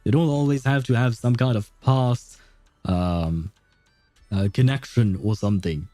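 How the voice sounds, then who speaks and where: A man's voice: mid-range voice, unhurried, dark tone, no echo, faint music behind. A man streaming a game, reading its dialogue aloud and chatting with a laugh and many restarts, with a lozenge in his mouth.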